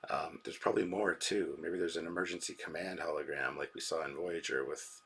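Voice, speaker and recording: A man's voice: extremely low pitch, steady tone, a little fast, vocal fry, a bit bright, breathy edge. A man hosting a live reaction stream, rambling casually and reading out viewers' chat messages and donations.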